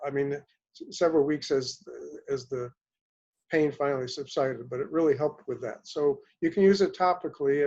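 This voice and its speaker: A man's voice: a little high, darkish tone, highs cut off. A man on a group call, casually telling a rambling testimonial from a hotel room. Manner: rambling and anecdotal, with restarts. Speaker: caller sharing a product testimonial. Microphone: online group call.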